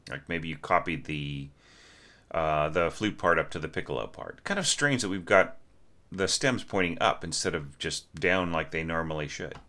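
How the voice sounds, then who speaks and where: A man's voice: very deep voice, animated, normal speed, bright, forceful tone. A middle-aged man teaching orchestration, talking through a student's score and humming the phrases he means. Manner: sings phrases to illustrate, thinks aloud with restarts. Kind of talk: spoken critique of a score.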